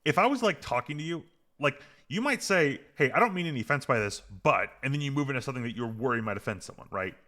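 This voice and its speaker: A man's voice: mid-range voice, quick pace. A man co-hosting a podcast, talking casually with lots of fillers and getting heated as he picks apart a TV episode. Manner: rambling, filler-heavy, gets heated and animated. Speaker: podcast co-host. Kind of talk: casual chat recapping a TV episode.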